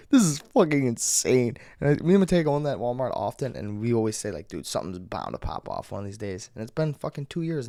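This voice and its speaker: A young man telling a story as a vlogger, profane and animated, acting out people yelling. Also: mid-range voice, no room sound. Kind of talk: casual storytelling rant.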